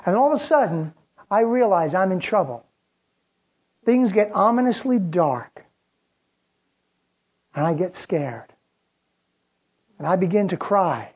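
A preacher delivers a sermon that swings between loud, dramatic outbursts and quiet, drawn-out phrases. His voice is mid-range, sing-song, and slightly rough, and the recording has its highs cut off.

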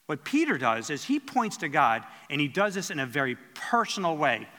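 A man's voice: on the high side, sing-song, moderate pace, bright, forceful tone. Earnest male preacher in a reverberant hall. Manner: earnest, teaching tone with frequent restarts. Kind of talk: sermon.

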